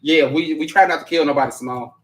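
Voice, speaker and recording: A man with a slightly high, somewhat bright voice talks fast as he hosts a live stream show, chatting casually while reading viewer comments. He rambles, repeats himself and laughs often, and the recording is rough.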